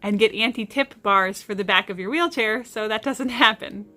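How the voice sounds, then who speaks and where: A woman's voice: medium pitch, normal speed, bright, forceful tone, no room sound. A young woman filming herself for a casual travel vlog, chatty and upbeat, laughing often. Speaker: vlogger. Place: outdoors and in a cabin. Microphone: handheld camera, self-filming.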